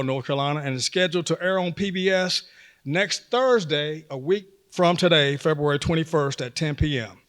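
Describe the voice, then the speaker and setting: A man's voice: on the high side, a bit bright. A man giving folksy, enthusiastic opening remarks at a museum screening event. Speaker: event host. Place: museum auditorium.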